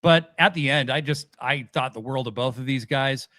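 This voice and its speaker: A man hosting a casual wrestling review chat, animated and swearing casually as he retells events. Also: mid-range voice, moderate pace, no echo. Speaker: podcast host.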